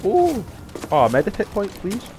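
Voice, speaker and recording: A young man giving live gameplay commentary, excitable and profane, yelling and cheering at the game. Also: high-pitched, measured pace, noisy background. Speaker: gamer. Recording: voice over loud game music.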